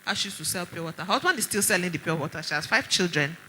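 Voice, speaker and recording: A middle-aged woman with a Nigerian accent speaks at a women's conference with a bright, forceful voice. She tells stories animatedly and presses her points with sharp rhetorical questions, a doctor addressing the room. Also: on the low side, lively intonation, rapid-fire, a little hiss or hum, poor audio. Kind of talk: conference talk.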